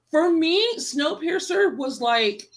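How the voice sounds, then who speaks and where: A woman's voice: extremely high pitch, lively intonation, extremely slow. A woman co-hosting a casual livestream chat, enthusiastic and swearing casually, with lots of "like" fillers. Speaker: co-host. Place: home, live stream.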